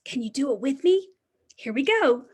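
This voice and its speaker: A woman reading a picture book aloud to young children as their preschool teacher, animated and sing-song, often dropping to a hushed whisper. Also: high-pitched, moderate pace, slight background noise.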